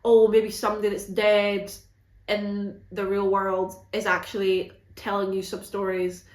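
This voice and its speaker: A woman chatting through her monthly reads in a frank, animated vlog, not shy about swearing. Her voice sits in a middle pitch and carries a noticeable echo from the room. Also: unhurried. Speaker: book reviewer. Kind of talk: casual monthly book wrap-up vlog.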